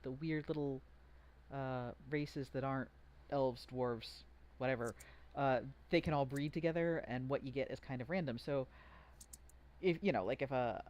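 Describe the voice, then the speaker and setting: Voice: medium pitch, darkish tone. A game master running a tabletop game, explaining rules in a chatty, joking way with lots of fillers and restarts.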